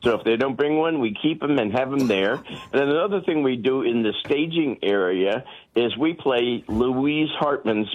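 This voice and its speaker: A man calls in to a radio show with a middle-pitched voice. He talks hesitantly, pausing on fillers and restarting his sentences. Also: expressive, highs cut off. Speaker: caller.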